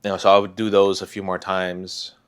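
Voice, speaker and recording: Soft-spoken man with a low voice, halting. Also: completely flat delivery, smooth. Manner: soft, halting, with sighs and restarts. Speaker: vlogger sharing a personal story. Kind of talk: confessional personal talk.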